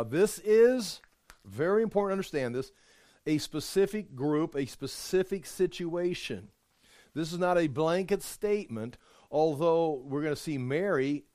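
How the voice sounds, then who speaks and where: A man delivers an informal Bible study sermon in a slightly high voice. He talks conversationally and with emphasis, stopping and restarting phrases as he works through his points. The sound is dry and close, with no room echo. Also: darkish tone. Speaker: Bible teacher.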